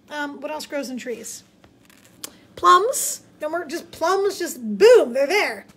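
A young woman teaching a kids' Bible lesson in a bubbly, casual, excitable way. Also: very high voice, a little slow. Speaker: children's ministry teacher.

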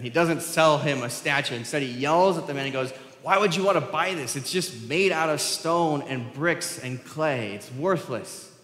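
A man preaching a sermon and telling a parable, swinging from loud emphatic bursts to quiet low lines. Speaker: pastor. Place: church sanctuary. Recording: roomy church hall reverb.

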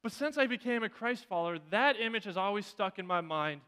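A man's voice: high-pitched, lively intonation, fairly quick, pushed and bright, smooth. A man preaching a sermon in a church, telling a story earnestly and often restarting his phrases. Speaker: pastor. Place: church sanctuary. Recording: reverberant church hall.

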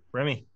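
A man running a tabletop role-playing game as dungeon master, briskly calling out rolls and turns. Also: highs cut off, a little hiss or hum.

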